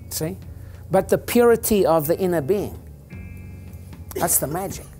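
A man's voice: high voice, lively intonation, unhurried, long pauses, darkish tone, soft background music. An older man, a chiropractor, giving an informal talk to an audience in a rambling, joking, preacher-like way.

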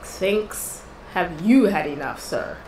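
A woman's voice: lowish voice, expressive, slow, a little mellow, reverberant, slight background noise, rough recording. A woman hosting a gaming channel, chatting casually and exclaiming in frustration as she plays. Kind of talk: casual gameplay commentary.

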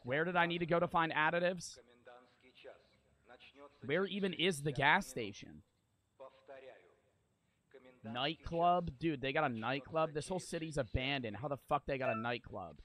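A young man streaming a video game, chatting casually to his viewers, swearing and laughing as he plays. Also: mid-range voice. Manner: loud, swearing, talks to chat, laughs often. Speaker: gaming streamer. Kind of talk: casual let's-play commentary.

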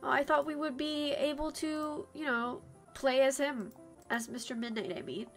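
A woman's voice: sits high, fairly even intonation, moderate pace, fairly bright tone, soft background music. A woman playing a game and reading its dialogue aloud in put-on voices, breaking off to chat about it. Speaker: game streamer.

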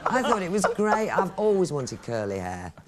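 A middle-aged woman on a chat show, telling a story with a lively, swooping pitch and frequent giggles. The studio noise is clearly audible behind her. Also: normal speed. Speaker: guest actress.

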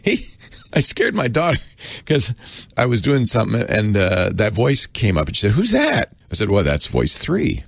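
A middle-aged man with a very deep, gravelly voice that swings widely in pitch. He explains things in a chatty, self-correcting way, with laughing asides. The sound is close and dry. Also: sing-song, moderate pace, no room sound. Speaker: podcast co-host. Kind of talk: casual explaining chat.

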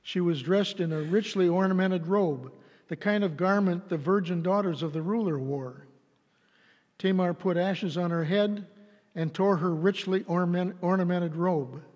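A man reads scripture aloud in a church sanctuary. He is measured and deliberate, and his voice sits high. A long reverb rings after each line. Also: darkish tone, dull audio. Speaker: scripture reader. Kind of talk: scripture reading.

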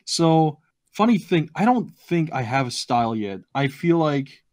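A man chatting casually as a guest on a podcast, relaxed and joking. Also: on the high side, measured pace, no echo, clean studio sound. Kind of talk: casual chat.

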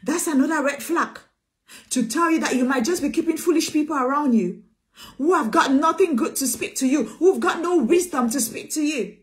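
High-voiced emphatic woman preacher. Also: moderate pace. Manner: emphatic, repeats phrases, calls listeners sweetheart. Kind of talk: sermon.

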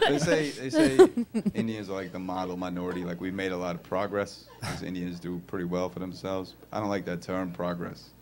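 A man with a fairly low voice works through a stand-up set. His delivery is sardonic and deadpan, yet his pitch swings widely when he lands the jokes. Crowd laughter rolls in around his lines. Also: a little fast, few pauses. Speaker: stand-up comedian. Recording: comedy club set with audience laughter.

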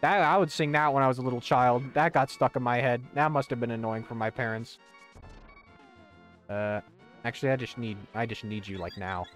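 A man's voice: mid-range voice, fairly even intonation, brisk, a bit bright. A young man streaming a video game, rambling casually with lots of swearing, fillers and restarts. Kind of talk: casual commentary while gaming. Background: faint game music.

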